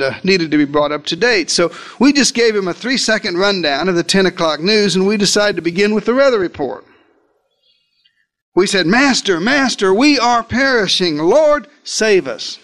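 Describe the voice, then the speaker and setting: A man with a high-pitched voice delivers a sermon as a vivid first-person retelling. He is theatrical, and his pitch and pace swing widely. Dry humorous asides break up the drama. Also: fairly bright tone. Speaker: preacher.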